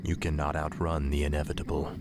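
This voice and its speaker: A man voicing an arrogant, cold death knight prince in a game, with a gravelly voice. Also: a bass voice, completely flat delivery, fast, background noise. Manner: cold, commanding.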